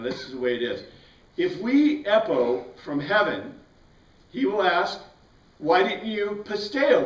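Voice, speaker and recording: Guy teaching bible class, kinda high voice, echoey room, mic way off. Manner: asks the class questions and answers them himself. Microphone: far from the mic. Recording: roomy, distant, dull classroom recording.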